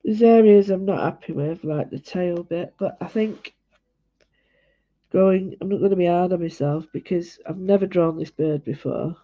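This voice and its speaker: She's an artist on a live drawing stream, talking viewers through her work with cozy, rambling chatter. Her voice is fairly low-pitched and moderately paced, and the stream audio sounds dull and lo-fi.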